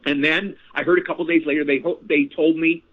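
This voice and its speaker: A man in his sixties, an actor guest telling stories in a casual interview, animated and repeating phrases. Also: fairly high pitch, fairly quick. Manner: animated, repeats phrases, addresses host by name. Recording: tinny phone line.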